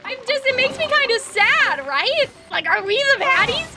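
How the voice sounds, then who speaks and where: A young woman streaming a video game, reacting excitably, swearing, calling people bestie and shrieking when things go wrong. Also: very high voice, moderate pace, heavy background noise. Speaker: gaming streamer. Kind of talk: let's play commentary. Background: loud game music.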